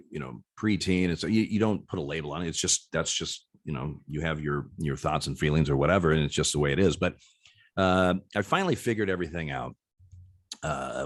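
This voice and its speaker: A man's voice: a bass voice, dry recording, clean studio sound. A man in his sixties, a former umpire, talking candidly as an interview guest, often repeating words and restarting his sentences.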